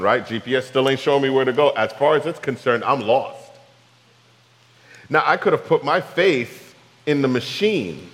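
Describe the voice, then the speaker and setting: A man's voice: medium pitch, lively intonation, moderate pace, in a large hall, rough recording. A man preaching a sermon, telling a story and asking the congregation rhetorical questions. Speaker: pastor.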